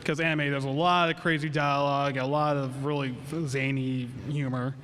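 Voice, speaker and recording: A man in the audience asking a convention panelist a question in a quick, laid-back way. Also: mid-range voice, level tone, fairly bright tone. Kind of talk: casual question from the crowd.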